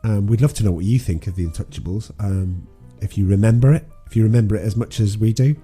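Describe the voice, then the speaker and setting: Man, podcast co-host, very dark mellow voice, slightly husky, rambling recap. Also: on the low side, quick pace, faint music behind. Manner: rambling retelling with many ums and restarts. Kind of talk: casual film recap chat.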